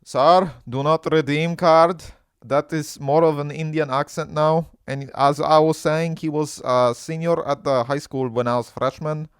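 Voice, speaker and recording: A loud, slow voice with an exaggerated Indian accent, as a young man puts it on. It is stiffly formal, with a raised pitch. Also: steady tone, clean tone, dry recording, clean studio sound, lightly acted. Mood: mock-formal.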